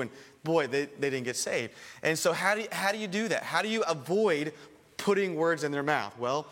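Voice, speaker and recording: A pastor teaching a church audience in a conversational sermon style, acting out short dialogues with different voices. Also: male voice, on the high side, a bit bright. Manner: conversational, acts out little dialogues. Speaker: pastor teaching soul-winning. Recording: long reverb of a large hall.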